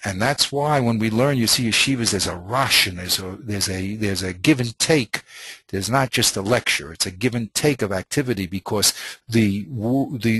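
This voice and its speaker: A man's voice: mid-range voice, a bit bright, slightly rough, dry recording. A man teaching a Talmud class in an informal lecture style, thinking aloud with many restarts and Hebrew and Yiddish terms.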